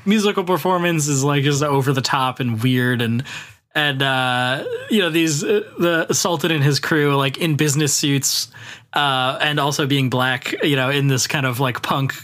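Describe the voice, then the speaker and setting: A man casually discussing a film on a podcast, halting, with many fillers. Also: medium pitch. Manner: filler-heavy, halting, with animated quoted voices. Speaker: podcast co-host.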